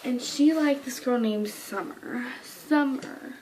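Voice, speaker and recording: A young woman vlogger tells a rambling storytime in a casual way, often slipping into whispers and squealing whenever she quotes herself. Her voice is high-pitched and slow, with background noise in the recording.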